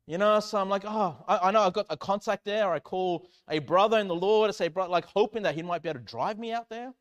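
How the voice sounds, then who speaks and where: A male pastor tells a story from the pulpit in a high, bright-toned voice. His delivery is animated, jumping from loud cries to quiet, sinking lines. He sounds like a preacher in full storytelling flow. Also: quick pace, muffled recording. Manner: animated storytelling, swinging from loud exclamations to hushed low lines. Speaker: church pastor. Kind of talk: sermon storytelling.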